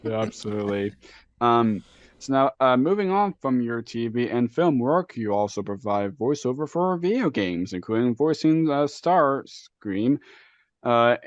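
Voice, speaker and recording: A man hosting a casual interview, asking questions in a relaxed way with fillers. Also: mid-range voice, a little slow, no room sound, muffled recording. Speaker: podcast host.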